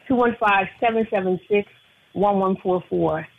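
A woman's voice: mid-range voice, moderate pace, vocal fry. A woman calling into a radio show as an insurance agent guest, talking earnestly and repeating her phone number. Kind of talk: casual radio talk. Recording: tinny phone line.

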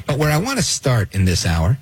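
A man's voice: medium pitch, wildly swooping pitch, brisk, a little hiss or hum. A man hosting a talk radio show, delivering an opinionated, sardonic monologue and reacting to clips he plays.

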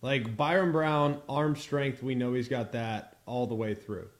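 A man co-hosting a football talk show, speaking in a relaxed way and asking his co-host questions. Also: mid-range voice, a little slow. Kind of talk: casual sports chat.

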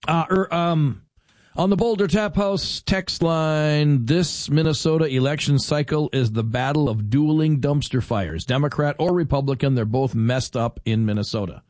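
A man's voice: fairly high pitch, normal speed, a little mellow, no room sound. Talk radio host guy, rambly casual chat, dry close studio sound. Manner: rambling, reads listener texts aloud.

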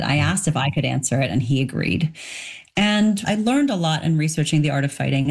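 Low-voiced woman author explaining. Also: a little mellow. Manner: thoughtful, explanatory, with frequent restarts. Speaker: author being interviewed. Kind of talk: interview answers.

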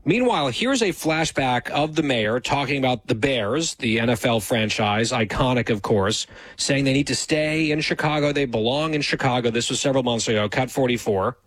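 A man's voice: mid-range voice, expressive, moderate pace, hardly any pauses, a bit bright, dry recording. A male talk host with a dry, sarcastic delivery, recorded close and dry with no room sound. He sets up clips and comments on the news.

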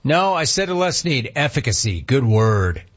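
A man's voice: mid-range voice, sing-song, normal speed. A man hosting a sports talk show, ranting with rhetorical questions and reading out chat comments. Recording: dull lo-fi sound.

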